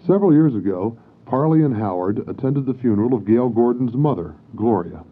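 A man reading a scripted introduction to a story in an even narrator's tone. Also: medium pitch, brisk, breathy edge. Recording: tinny phone-like archival recording.

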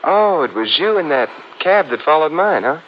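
An actor playing a suave, dry-witted detective in a 1940s radio drama, trading wisecracks on a dull old recording with faint hiss. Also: male voice, on the high side, very animated, moderate pace. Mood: wry calm. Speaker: lead detective.

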